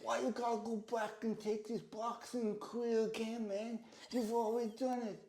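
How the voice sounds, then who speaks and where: A man with a Northern Irish background putting on a high-voiced, soft-spoken boxer who muses about his life. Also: little pitch movement, normal speed, roomy sound, a little hiss or hum. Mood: musing.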